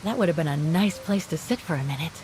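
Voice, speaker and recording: An actress voicing a woman traveler hiking alone through mountains in a video game, making calm, matter-of-fact remarks. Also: low voice, fast, slight background noise, close to an everyday voice. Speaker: game character.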